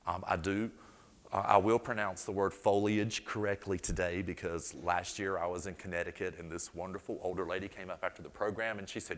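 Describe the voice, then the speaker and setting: A man's voice: sits low, steady tone, a little fast, long reverb tail. A man from North Carolina with a Southern accent, presenting a floral design demonstration in a chatty, storytelling way with folksy asides. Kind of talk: live demonstration talk. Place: event hall before an audience.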